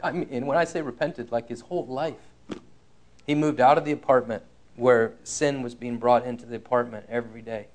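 A man preaching a sermon, telling a personal story in an earnest, frank way, slowing down to stress key lines. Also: mid-range voice, steady tone.

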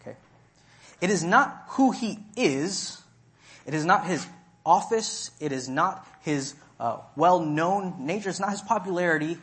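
A man preaching an expository sermon, reading verses aloud and explaining them with emphatic, deliberate stress on key words. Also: a little high, a bit bright.

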